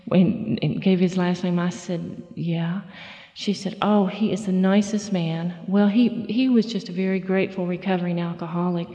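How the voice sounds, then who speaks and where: A middle-aged woman telling her recovery story at a meeting, folksy and halting, full of fillers and restarts. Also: lowish voice, fairly even intonation, mellow, long reverb tail, highs cut off. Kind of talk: personal testimony talk.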